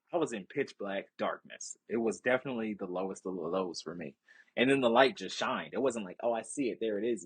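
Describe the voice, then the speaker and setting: A man's voice: on the low side, vocal fry, slightly rough, no room sound. A young man co-hosting a podcast, telling stories animatedly in casual chat, swearing and laughing often. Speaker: podcast co-host.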